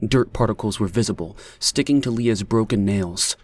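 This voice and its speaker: A man's voice: on the low side, moderate pace, hardly any pauses, dry recording. Man narrating an audiobook, dry sound. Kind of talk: scripted narration.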